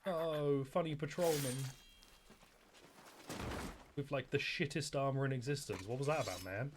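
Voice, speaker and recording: A man's voice: mid-range voice, moderate pace, background noise. A man streaming a video game, chatting casually to viewers, swearing and laughing often. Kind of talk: casual gameplay commentary.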